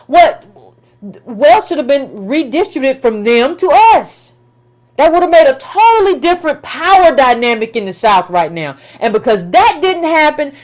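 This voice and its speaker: She's a high-voiced woman ranting on political topics, her colloquial, insistent delivery full of repetition and rhetorical questions.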